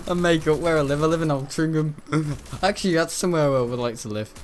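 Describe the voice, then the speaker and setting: With a slightly high voice that swings widely in pitch, a gaming channel host from north-west England talks at a moderate pace over a video game. His casual commentary rambles and jokes, broken often by giggles, with faint hiss or hum audible.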